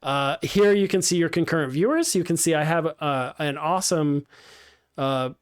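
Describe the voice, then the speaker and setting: A man's voice: fairly high pitch, moderate pace, smooth. Upbeat man teaching live streaming. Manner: casual, upbeat, many ums and restarts. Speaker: game streaming instructor. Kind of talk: live-streamed class walkthrough.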